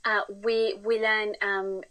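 Lively Spanish-accented woman telling a story. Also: mid-range voice, takes it slowly, rough recording. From Spain. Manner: animated, acts out quoted voices. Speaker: guest. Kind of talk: casual interview storytelling.

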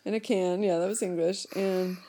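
A woman's voice: on the low side, steady tone, moderate pace, dark tone. A woman co-hosting a casual podcast, telling rambling stories with lots of laughter and sing-song voices. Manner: giggly, rambling storyteller with sing-song impressions. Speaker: podcast co-host. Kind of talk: casual chat. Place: remote call recording, heard over a link.

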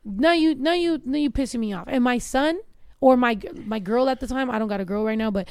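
A woman's voice: a little high, brisk, a little mellow, smooth, dry recording, clean studio sound. A woman in her thirties co-hosting a podcast, telling stories in a blunt, profane, casual way. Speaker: podcast co-host.

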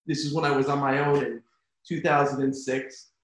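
A man in an interview who tells business stories in an animated way, repeating himself and laughing easily. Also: mid-range voice, moderate pace. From United States. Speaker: toy company executive. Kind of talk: conversational interview. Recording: echoey room.

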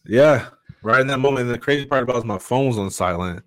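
A middle-aged man speaking as a guest, telling a personal story earnestly and candidly, halting often with fillers. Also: medium pitch. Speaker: podcast guest.

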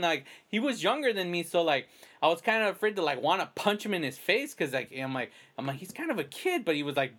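A male podcast host with a high, pushed, bright voice chats casually. He rambles through a long personal story and acts out his own quoted remarks.

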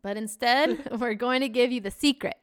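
A woman co-hosting a teaching podcast, upbeat and quick to laugh. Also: on the high side, smooth. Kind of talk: casual podcast chat.

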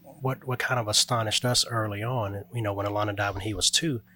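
A man's voice: fairly low pitch, steady tone, fairly quick, bright, forceful tone, a little hiss or hum. A man talking earnestly about raising his young son, telling stories in a reflective way. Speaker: grieving father, guest. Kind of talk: casual conversation.

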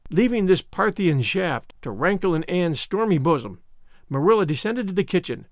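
A man narrating an audiobook in a measured, expressive storytelling manner. His voice is fairly high and animated, recorded close on a dry, dead mic. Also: no room sound. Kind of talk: scripted narration.

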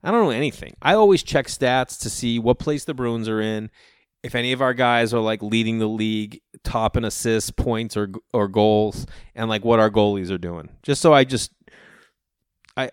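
A man's voice: mid-range voice, no room sound. Chatty storytelling man, dry close sound. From Boston area. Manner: rambling, animated quoted voices. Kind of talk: casual storytelling monologue.

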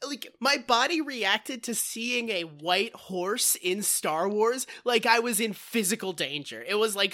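A woman's voice: mid-range voice, expressive, a little slow, hardly any pauses, a bit bright. A woman co-hosting a podcast, reacting to a film in laid-back, casual chat with swearing. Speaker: podcast co-host. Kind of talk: casual movie-review chat.

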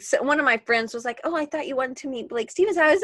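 A woman's voice: sits high, fast, fairly bright tone, no room sound. A woman hosting a casual live podcast chat, telling stories and acting out her own reactions. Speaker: podcast host.

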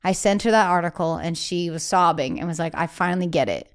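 A woman guest singer chatting casually in an interview, animated and acting out quotes in other voices, laughing often. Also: on the low side, brisk.

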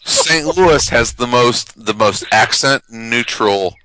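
A man's voice: mid-range voice, animated, slow, background noise. A man co-hosting a comic book podcast in casual chat, argumentative, with lots of fillers and restarts. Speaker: podcast co-host.

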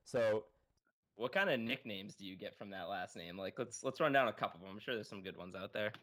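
A man hosting a podcast, firing off playful and eager questions in a fairly low voice. He keeps a casual, bantering tone. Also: fairly quick, fairly bright tone. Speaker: podcast host. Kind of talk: casual interview chat.

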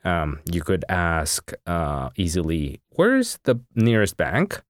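A man's voice: deep voice, wildly swooping pitch, slow pace, no room sound, studio quality. A man co-hosting a language podcast as the teacher, patiently explaining grammar with examples. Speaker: Spanish teacher and podcast co-host.

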